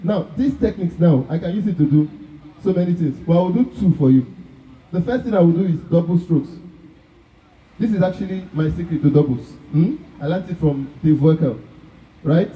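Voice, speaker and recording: Nigerian drum teacher, echoey and distant. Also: male voice, a little high, a little fast, mellow, a little hiss or hum. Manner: asks the class constant check questions. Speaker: drum instructor. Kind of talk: live drum workshop teaching. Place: large echoey room at a festival workshop. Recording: echoey room, from far off.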